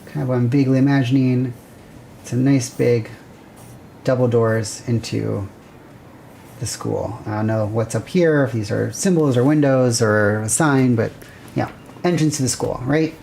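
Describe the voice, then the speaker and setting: Her voice is extremely low in pitch, gravelly and dark, delivered at a moderate pace with slight background noise. Hosting a livestream, the woman sketches out a building plan, musing aloud, correcting herself, and chatting casually with her viewers.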